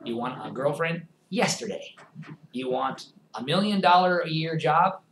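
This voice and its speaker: A man preaching a sermon as pastor, swinging between forceful emphasis and hushed, quiet passages. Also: fairly high pitch, expressive, measured pace, reverberant, low-quality recording.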